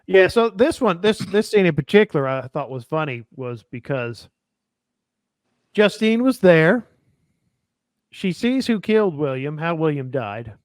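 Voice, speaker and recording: Man, host, casual film talk, rambling, lightly raised pitch, dry close sound. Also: sing-song, a little slow, no echo. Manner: rambling, with many fillers and restarts. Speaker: podcast host.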